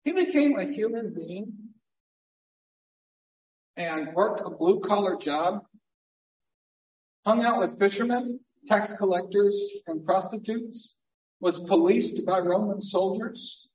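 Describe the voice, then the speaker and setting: A man's voice: high-pitched, slow, pauses often, darkish tone, dull audio. A man, a pastor, preaching an earnest, conversational sermon full of rhetorical questions in a church sanctuary. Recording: echoey church hall from far off.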